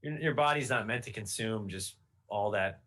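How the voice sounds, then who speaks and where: A man's voice: on the low side, normal speed, fairly bright tone. A man chatting casually as a podcast guest, rambling with restarts and fillers. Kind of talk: casual chat. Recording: video call audio.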